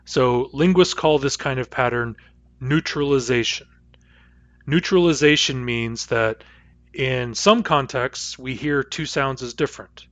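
A man's voice: mid-range voice, a little slow, a bit bright, no room sound. A male lecturer with a West Coast North American accent, patiently explaining sounds and saying them aloud as examples. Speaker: linguistics lecturer. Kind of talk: recorded lecture. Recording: dull dry lecture recording.

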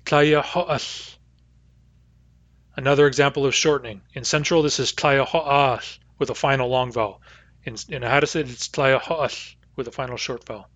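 A man teaching a language lesson, saying each word slowly and carefully, then repeating it. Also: mid-range voice, fairly even intonation, a bit bright, dry recording, highs cut off. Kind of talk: vocabulary pronunciation lesson.

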